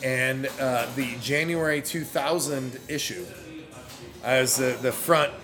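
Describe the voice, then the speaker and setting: A man's voice: mid-range voice, slow pace, over music. Rambling middle-aged man telling stories. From United States. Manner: rambling and animated, self-correcting, laughs a lot. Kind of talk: casual storytelling chat.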